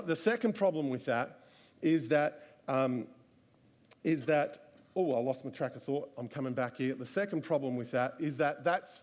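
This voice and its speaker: A man's voice: a little high, darkish tone. A man preaching a live church sermon, earnest and full of rhetorical questions. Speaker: pastor. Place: church service.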